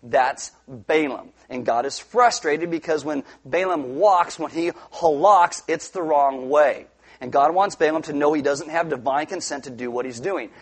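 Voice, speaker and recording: Animated high-voiced man preaching. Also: moderate pace, slightly rough. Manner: animated storytelling, acting out characters with funny voices. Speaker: pastor. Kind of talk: sermon.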